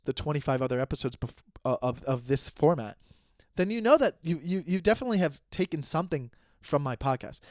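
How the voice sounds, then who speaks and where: A man in his thirties talks alone into a close microphone on his comedy podcast, rambling and joking about his own slip-ups. His voice sits a little high for a man and sounds dry and close. He keeps restarting sentences and stays self-aware the whole time. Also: dry recording. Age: 30s. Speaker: podcast host. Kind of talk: solo comedy podcast monologue.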